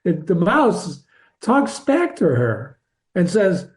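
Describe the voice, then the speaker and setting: An older man with a fairly high voice reads a classic novel aloud, stopping to explain passages like a friendly teacher. He drifts into digressions, chuckles at his own asides, and his pitch swings enormously.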